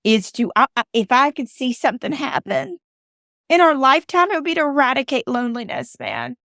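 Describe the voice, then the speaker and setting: This podcast host, a woman with a Southern US accent, talks in a high, sing-song, brisk voice that's a bit bright. Her heartfelt monologue turns earnest and emotional, sometimes like a preacher's appeal, in a dry, studio-quality recording.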